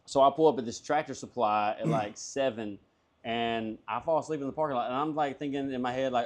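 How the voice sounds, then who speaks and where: Spinning a long, profane story as a guest, this comedian animatedly performs every character's dialogue in a casual way. He speaks fairly quickly with a medium-pitched voice.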